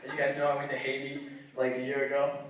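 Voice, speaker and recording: A young man performing a stand-up set, telling a story and acting out voices with loud outbursts. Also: medium pitch, monotone, fast. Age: young adult. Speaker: stand-up comedian. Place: comedy night venue, audience laughing. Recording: echoey room, distant mic, noisy.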